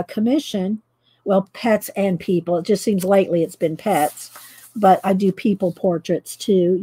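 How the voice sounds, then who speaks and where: A woman's voice: medium pitch, mellow. A middle-aged woman from Texas with a light Texan accent, chatting casually and rambling while she colors on a live stream. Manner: chatty, rambling, laughs often. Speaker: artist vlogger.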